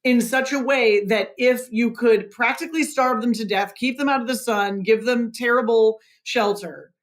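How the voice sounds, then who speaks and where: Author guest, female; earnest and emphatic, explains history clearly in an interview. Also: on the high side, normal speed.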